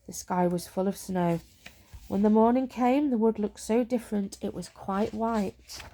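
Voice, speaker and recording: Soothing soft-spoken ASMR reader, woman, mellow, gentle bedtime-story delivery. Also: medium pitch. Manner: slow and soothing.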